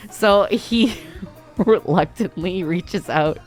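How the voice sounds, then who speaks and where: A woman's voice: on the low side, slow. A woman livestreamer telling a story in a casual way, laughing often and swearing freely. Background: faint background music.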